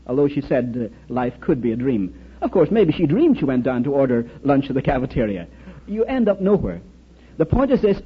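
Husky-voiced man giving an earnest lecture. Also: fairly high pitch. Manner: earnest, storytelling, rhetorical questions. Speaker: speaker, former military chaplain. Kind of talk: lecture with anecdotes. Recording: dull lo-fi recording.

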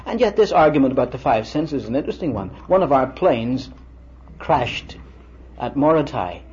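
In a lecture hall full of students, an elderly preacher speaks at medium pitch with a darkish tone, mixing sermon and lecture. His storytelling is conversational, and he often quotes what people said to one another. Faint hiss runs under the dull, lo-fi vintage audio.

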